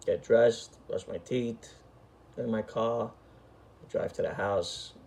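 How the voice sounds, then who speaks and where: A man's voice: fairly low pitch, takes it slowly, gravelly, long pauses, a little mellow. A middle-aged man, telling a story in an emphatic, profane, street-talking way. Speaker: storyteller host. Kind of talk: casual storytelling.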